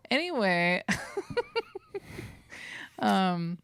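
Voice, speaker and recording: A woman's voice: mid-range voice, sing-song, very slow, a bit bright, smooth, no echo. A woman co-hosting a casual podcast chat, laughing often and joking at her own expense. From Northern California. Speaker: podcast co-host.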